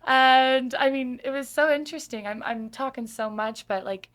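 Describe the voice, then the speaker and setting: A woman from Arizona, a podcast guest, chatting casually and effusively with quick laughs and plenty of filler words. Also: on the high side. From Sedona, Arizona. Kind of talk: casual interview chat.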